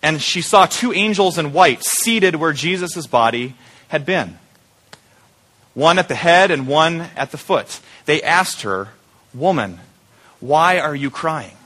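A pastor delivers an Easter sermon in a bright, forceful voice pitched a little high. He speaks slowly but in a conversational, animated way, posing one rhetorical question after another.

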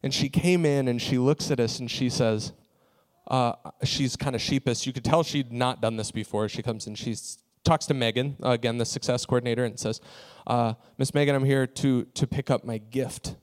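A man preaching, telling a personal story in a relaxed, conversational way with frequent fillers. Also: mid-range voice, moderate pace. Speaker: pastor. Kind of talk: sermon story.

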